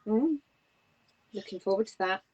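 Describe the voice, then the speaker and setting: A woman from northern England, co-hosting a crafting podcast in casual chat, encouraging and quick to agree. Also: medium pitch, expressive, darkish tone, breathy edge, lo-fi sound. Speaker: podcast co-host.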